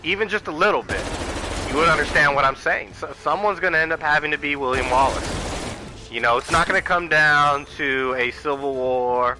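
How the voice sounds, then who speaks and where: A man's voice: on the high side, moderate pace, background noise. A man hosting his own channel, delivering a heated, profane political rant and addressing viewers directly as y'all. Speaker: channel host. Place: Arizona home.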